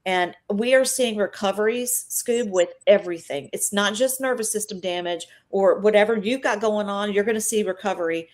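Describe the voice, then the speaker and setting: A woman's voice: medium pitch, normal speed, few pauses. A middle-aged woman, guest on a live stream, telling an emotional faith and healing story in a chatty, earnest way.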